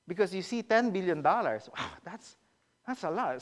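Animated man preaching a sermon. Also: high voice, moderate pace. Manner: animated, questions the congregation directly.

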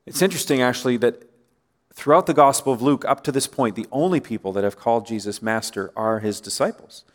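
A man preaching a sermon in a conversational way, often asking listeners rhetorical questions and letting his voice drop at the ends of phrases. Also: mid-range voice. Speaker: pastor.

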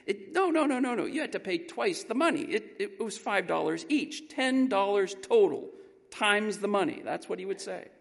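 A man preaching a sermon through an animated, emphatic story. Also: sits high, normal speed, vocal fry. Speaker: pastor. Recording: long reverb in a large hall.

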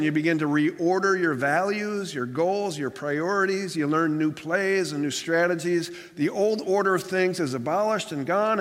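A man preaching a sermon as pastor, telling stories in an earnest, plainspoken way with some restarts. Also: fairly high pitch. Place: church sanctuary. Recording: long hall reverb.

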